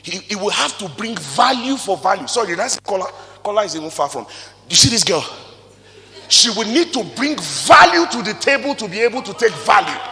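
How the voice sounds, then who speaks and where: A man with a Nigerian accent giving an animated motivational talk to a live audience, firing rhetorical questions and swinging between loud and soft. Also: high-pitched, brisk. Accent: Nigerian English. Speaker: motivational speaker. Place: stage in a hall before an audience. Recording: long reverb of a large hall.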